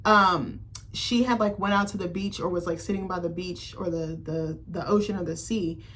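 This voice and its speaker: A woman vlogging as a film critic offers a laid-back, foul-mouthed recap full of "like" and "um" fillers. Her lowish voice is a bit bright, holding a steady tone at normal speed.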